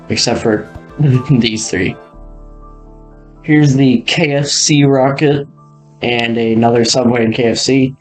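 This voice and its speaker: Slow, rambling young man chuckling along. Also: medium pitch. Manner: rambling, laughs often, trails off mid-sentence. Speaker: video creator touring an old game world. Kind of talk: casual narrated walkthrough.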